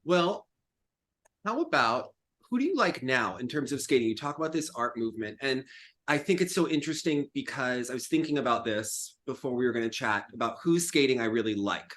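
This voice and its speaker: Chatty man hosting an interview. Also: medium pitch. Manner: chatty, animated questioner. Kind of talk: casual chat.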